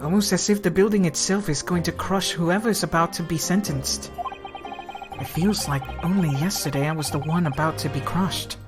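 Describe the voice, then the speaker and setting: A woman's voice: moderate pace, music in the background, lightly acted. A woman voicing a tense young lawyer. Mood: solemn. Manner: low, solemn, earnest.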